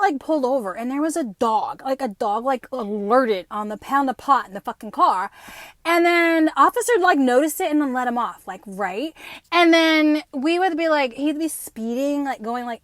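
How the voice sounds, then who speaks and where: Profane, animated woman in her fifties. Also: sits high, no echo, clean studio sound. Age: 50s. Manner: profane, animated storytelling with quoted asides. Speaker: podcast host. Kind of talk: unscripted casual monologue.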